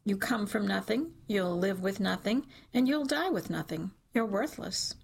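A woman's voice: medium pitch, expressive, a little slow, creaky, slight background noise. A woman narrator voicing a cold, scornful, wounded mother in an audiobook, speaking in a clipped way.

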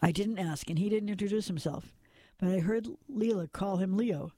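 A man voicing a gruff, matter-of-fact mustached barroom informant. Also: high-pitched, moderate pace, mellow. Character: mustached middle-aged male barroom informant.

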